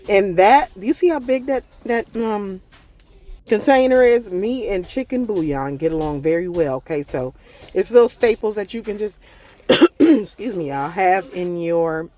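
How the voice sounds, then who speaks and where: A woman's voice: on the low side, warm tone. Woman, home-cooking vlogger, folksy chatter, slightly scratchy throat, recorded in a car. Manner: chatty, folksy, addresses viewers as y'all. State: throat irritation, clearing throat. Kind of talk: casual recipe voiceover. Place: parked car on a work break.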